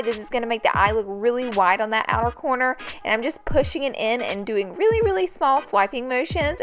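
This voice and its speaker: A woman's voice: mid-range voice, a bit bright. A young woman chatting through a casual makeup tutorial, bubbly and gushing as she talks. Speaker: beauty YouTuber.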